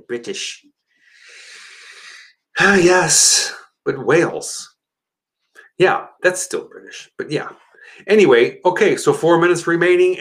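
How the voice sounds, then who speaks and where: A man's voice: on the low side, poor audio. Male stream host, loose and rambling, addresses the audience directly. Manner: rambling, chatty, talks to viewers by name. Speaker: live-stream host and seminar leader. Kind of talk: casual live-stream chat.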